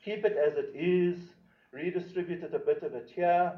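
Casting: male activist, fiery rhetorical speech, fairly high voice, distant roomy dull recording. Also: steady tone, moderate pace. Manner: impassioned, rhetorical, addresses audience as comrades. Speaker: activist speaker. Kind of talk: public speech at a meeting.

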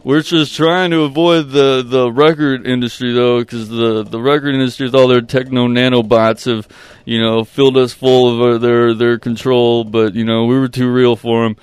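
A man's voice: mid-range voice, flat delivery, moderate pace, few pauses, clean tone, dry recording. A man hosting a casual community radio show, rambling with many fillers and repeated words. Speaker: radio host.

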